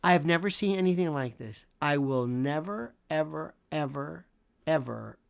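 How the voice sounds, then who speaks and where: A man in his sixties delivers opinionated legal commentary with a gravelly, fry-laced voice. His pitch swoops widely from near-shouted exclamations down to low mutters. He hammers his points home by repeating phrases. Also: animated, normal speed. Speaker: legal commentator and show host.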